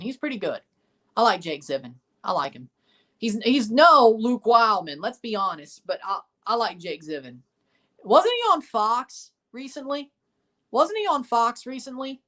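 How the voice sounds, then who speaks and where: A man's voice: sits high, sharp tone. A man hosting a livestream watchalong, reacting to a soccer match and answering chat in a blunt, opinionated way that circles back over the same points. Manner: opinionated, blunt, repeats himself. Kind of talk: casual live match reaction and chat replies.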